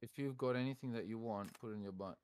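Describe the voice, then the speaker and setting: A man's voice: medium pitch, fast, darkish tone, smooth. A man streaming a shooter game who teases a stranger in a mock-offended way and swears freely. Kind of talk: joking game chat with a stranger.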